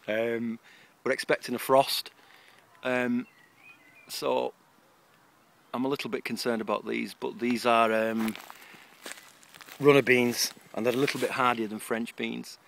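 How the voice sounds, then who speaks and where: A man's voice: mid-range voice, steady tone, a little slow, gravelly, pauses often, fairly bright tone, slight background noise. A man giving a chatty, rambling, self-mocking tour of his allotment, recorded outdoors on a camera mic. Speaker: allotment vlogger. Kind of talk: casual garden tour.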